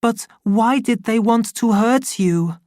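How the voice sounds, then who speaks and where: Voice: medium pitch, takes it slowly, darkish tone, dry recording, studio quality, voice pushed up, close to an everyday voice. A narrator voicing a frightened young boy who pleads desperately in an audiobook story. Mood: bewildered. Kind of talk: audiobook character voice.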